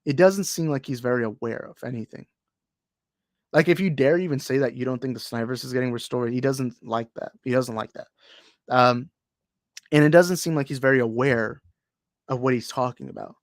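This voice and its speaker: A man's voice: medium pitch, brisk, no room sound, clean studio sound. A young man co-hosting a podcast in casual chat, rambling and heated, full of restarts. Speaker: podcast co-host.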